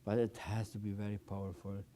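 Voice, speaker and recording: Speaking a little fast in a lowish, dark, completely flat voice, an older man teaches palette-knife oil painting. Despite that delivery, he bursts with enthusiasm, exclaims often at the results, repeats words, and phrases things in a non-native way.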